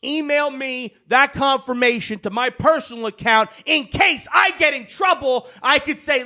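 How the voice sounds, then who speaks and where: A loud man from New Jersey tells a story on a casual podcast. His voice sits high and bright and swings widely in pitch, breaking now and then into shouts. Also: expressive, normal speed, few pauses. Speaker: podcast co-host.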